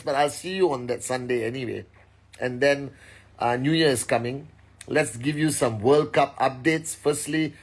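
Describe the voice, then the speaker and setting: A man in his thirties hosting a casual livestream, energetically calling out viewers' names and greeting them in many languages. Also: fairly high pitch.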